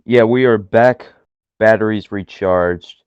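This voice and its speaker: A young man co-hosting a casual podcast, teasing and joking in quick banter. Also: fairly low pitch, a little mellow, clean tone, no echo, muffled recording. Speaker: podcast co-host. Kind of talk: casual chat.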